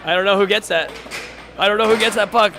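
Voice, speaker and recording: A man commentating a live air hockey match, his voice going hoarse, excitable and chatty as he reads viewer messages aloud. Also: sits high, quick pace, noisy background. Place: tournament hall.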